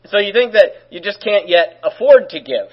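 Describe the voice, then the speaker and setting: A man's voice: high-pitched, very animated, moderate pace, breathy edge, lo-fi sound. A man preaching as a pastor, in a conversational way with joking asides. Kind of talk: sermon.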